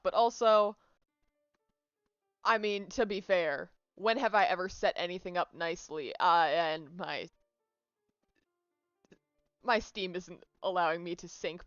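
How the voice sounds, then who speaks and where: A young woman streaming from her apartment, chatting casually with viewers in a rambling, self-mocking way with quick asides. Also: lowish voice, clean tone, no echo. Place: apartment room. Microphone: desk microphone. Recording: dry, dull lo-fi sound with faint music.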